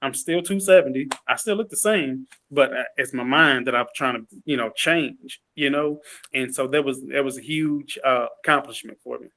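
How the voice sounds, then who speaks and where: Bright-voiced man, humble and determined. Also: mid-range voice, normal speed, poor audio. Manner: humble, determined, with hesitant fillers. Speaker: sales agent, interview guest. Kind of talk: casual conversational interview. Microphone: call audio.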